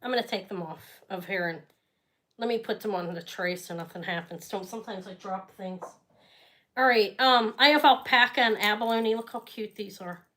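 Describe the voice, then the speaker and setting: A woman's voice: medium pitch, moderate pace, fairly bright tone. A woman hosting a live jewelry sale stream, chatting casually and rambling as she talks straight to her viewers.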